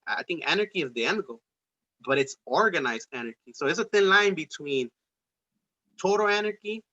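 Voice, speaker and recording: Male podcast host, raised-pitch bright voice, loose profane streetwise delivery; dull lo-fi recording. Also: animated, normal speed. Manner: rambling, profane, streetwise slang. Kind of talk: casual political debate chat.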